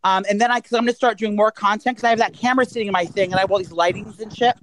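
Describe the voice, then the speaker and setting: A man's voice: sits high, fairly even intonation, very fast, fairly bright tone, low-quality recording. Rambling, chatty male podcast co-host. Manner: reads out promos. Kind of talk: casual chat.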